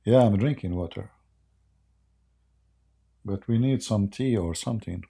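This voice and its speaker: A man with a dark, gravelly voice hosts a casual livestream, trading sarcastic jabs and laughing at his own mockery. His tone is husky and a little hoarse, as if he is losing his voice. He speaks close to a desk microphone. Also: on the low side, unhurried. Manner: mocking, sarcastic banter with frequent laughter. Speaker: livestream debate host.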